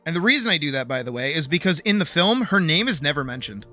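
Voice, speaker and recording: Sharp-toned streamer woman, animated and sweary. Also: low-pitched, fast, hardly any pauses, faint music behind. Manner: animated, swears freely, keeps asking "right?". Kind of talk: casual livestream chat about character writing.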